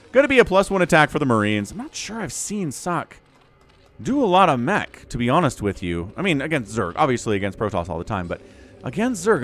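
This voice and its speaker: A game caster with a mid-range, slightly bright voice commentates a strategy game match solo. He's chatty and rambling, frequently correcting himself mid-sentence.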